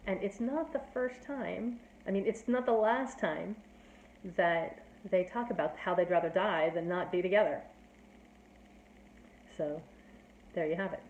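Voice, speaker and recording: A woman's voice: lowish voice, unhurried, pauses often, a little mellow, highs cut off. Chatty woman in an echoey room. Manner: chatty, filler-heavy with "like" and "you know". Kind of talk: casual plot summary. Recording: roomy echo.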